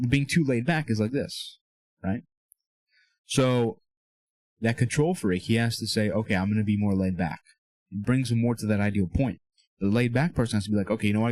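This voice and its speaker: A man's voice: lowish voice, darkish tone, no echo. A young man giving a casual, earnest motivational talk on faith and self-improvement, often checking in with his listeners. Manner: earnest, coaching tone, keeps checking in with "okay?" and "all right?". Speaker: Christian self-improvement speaker. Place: small room with a whiteboard.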